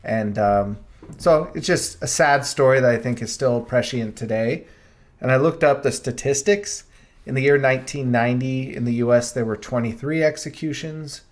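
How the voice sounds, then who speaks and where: A young man co-hosts a casual podcast and talks through stories in an earnest, reflective way. He often thinks aloud with small pauses, at an ordinary middle pitch. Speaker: podcast co-host. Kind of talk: casual chat.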